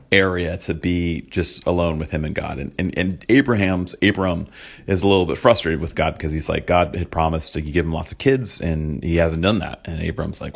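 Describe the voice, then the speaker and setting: A young man giving a casual devotional talk, rambling with joking asides and frequent chuckles. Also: low voice. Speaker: Christian speaker.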